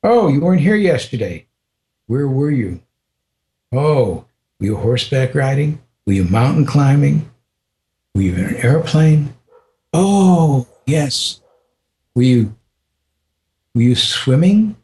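A man's voice: on the high side, big pitch swings, normal speed, pauses often, warm tone, pitched above the performer's own voice. A man voicing a playful, teasing old male guru who fires mock-surprised questions in a raised voice.

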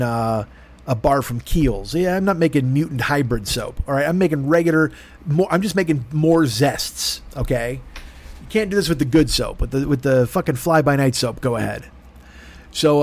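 A man telling a comedic story on a podcast, animated and profane, mocking himself. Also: fairly high pitch. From grew up poor. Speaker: podcast host.

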